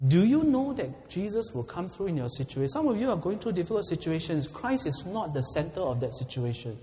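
A man's voice: on the high side, expressive, brisk. Impassioned man preaching in a reverberant hall. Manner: impassioned, swings from soft to loud. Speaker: pastor. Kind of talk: sermon. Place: church hall. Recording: long reverb of a large hall.

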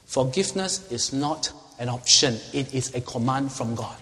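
A man's voice: mid-range voice, animated, moderate pace, hardly any pauses, fairly bright tone. Preaching man in a reverberant hall. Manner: conversational preaching with rhetorical questions. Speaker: pastor. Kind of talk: sermon.

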